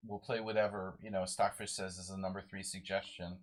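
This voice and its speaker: Low-voiced man muttering chess moves. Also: level tone, brisk. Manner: muttering moves to himself, mumbly. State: sleep-deprived. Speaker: chess streamer. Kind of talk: live game commentary.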